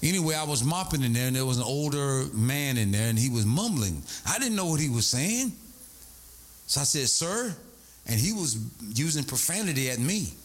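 A man's voice: medium pitch, big pitch swings, moderate pace. A middle-aged man preaching a sermon, telling stories with sing-song swells and asides. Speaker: pastor.

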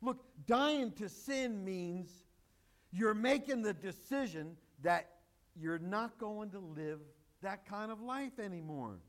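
High-voiced, slow-paced man preaching. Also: animated. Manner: emphatic, joking asides to the congregation. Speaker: pastor. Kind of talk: sermon.

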